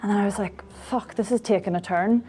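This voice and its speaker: A woman telling a story in a deadpan way. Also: medium pitch, fairly quick, slightly rough. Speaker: interviewee.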